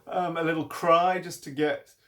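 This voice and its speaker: A man, teaching an online singing warm-up and coaching encouragingly between sung demonstrations. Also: on the high side, fairly even intonation, moderate pace. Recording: piano playing along.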